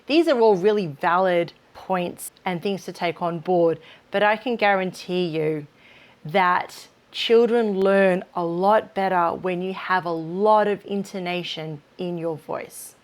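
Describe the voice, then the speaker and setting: A woman's voice: on the low side, measured pace. A woman giving practical advice to early childhood teachers in an instructional video, speaking in an encouraging, down-to-earth way. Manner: practical, encouraging, demonstrates read-aloud intonation.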